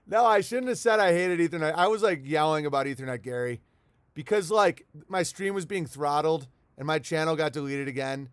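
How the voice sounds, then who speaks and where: A man's voice: on the high side, moderate pace, smooth, no echo. A man hosting a casual livestream from home, rambling and swearing as he talks to his chat and reads viewer letters aloud. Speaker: livestream host. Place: at home in the countryside.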